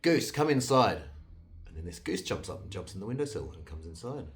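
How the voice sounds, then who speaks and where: A man telling a fairytale in a loose, conversational way, with restarts and sudden jumps in loudness. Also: low voice, quick pace. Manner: loose retelling with restarts, lively swings in loudness. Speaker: storyteller. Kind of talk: casual fairytale storytelling.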